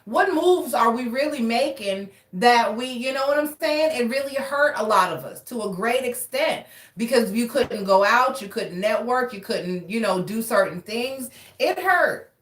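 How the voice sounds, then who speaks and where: A woman giving a casual tarot reading with a fairly high voice. She talks frankly, swears freely and calls her listeners baby. The sound is roomy and she sits a little away from the mic. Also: animated, moderate pace, a bit bright, recorded from a distance. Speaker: tarot reader.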